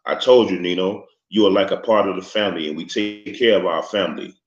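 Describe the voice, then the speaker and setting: A man's voice: deep voice, faint music behind, natural voice. A man voicing an older, formal crime boss who speaks with a thick accent in a storybook reading. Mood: courteous. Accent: thick foreign accent. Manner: formal, polite, unhurried speech. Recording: echoey, slightly muffled room recording.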